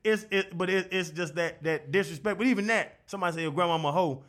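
A man guest telling stories in a casual podcast chat, profane and animated, quick to laugh and acting out what others said. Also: sits high. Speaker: guest, former football linebacker.

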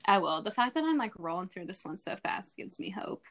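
A young woman in her twenties co-hosting a casual podcast chat, excitable and quick to exclaim. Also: mid-range voice, a little hiss or hum. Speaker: podcast co-host.

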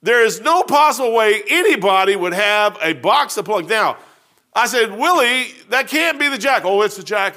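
A middle-aged preacher man with a high, bright voice, spinning a folksy sermon story. His grammar is casual and homespun, and he talks with lively animation, sometimes dropping low and sometimes rising.

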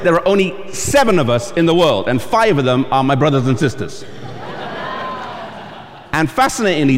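An English-accented man preaches a sermon, his fairly high voice rising and falling in a lively way. He tells stories and briefly acts out the voices of the people in them. The recording has the long reverb of a large hall. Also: slight background noise. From England. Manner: storytelling, acting out quoted voices. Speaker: pastor. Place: camp meeting hall.

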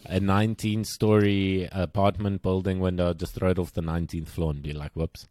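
A man's voice: sits low, flat delivery, a little fast, a little mellow, no echo, clean studio sound. A young man co-hosting a casual podcast who teases his co-host, mocks himself and swears freely. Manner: teasing, self-mocking, swears freely.

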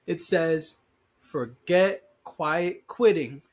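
Male podcast host, husky and congested from allergies, casual and emphatic, reads articles aloud with commentary. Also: fairly high pitch, expressive, slow pace. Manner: conversational and emphatic, reads news aloud with asides.

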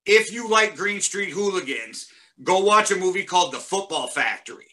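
A man's voice: sits high, lively intonation, moderate pace, pushed and bright. An American man talking as a podcast guest in easygoing, plain-spoken casual chat. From United States.

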